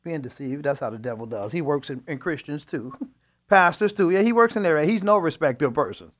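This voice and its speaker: Animated man telling testimony. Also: on the high side, a little fast. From Chicago. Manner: animated storyteller, dialect grammar, laughs often. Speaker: pastor, co-host. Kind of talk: testimony in faith talk show.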